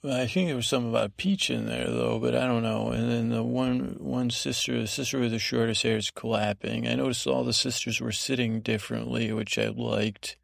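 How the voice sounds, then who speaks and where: Male podcast host, gravelly voice, dry close sound, meandering self-mocking bedtime recap. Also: medium pitch, steady tone, normal speed, hardly any pauses, no room sound. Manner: meandering, self-deprecating, full of fillers. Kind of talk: rambling bedtime show recap.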